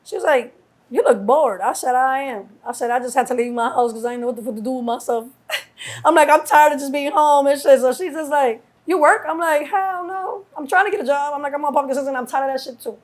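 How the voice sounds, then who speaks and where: A middle-aged woman from New York, a guest telling stories in a casual interview, acting out quotes with lively swearing. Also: sits high, fast talker. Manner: animated storyteller acting out quotes, heavy cursing. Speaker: guest, mother of a rapper.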